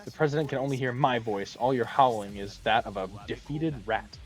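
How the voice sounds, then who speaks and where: A smug, scheming company director who sneers at his rivals and fawns over his boss, as a man reading a game's lines puts him on. His voice sits at an ordinary middle pitch, only a little lower and quieter than the reader's own. The read is game dialogue, spoken aloud with a sly, insulting edge. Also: fairly quick, faint music behind, natural voice. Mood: sneering.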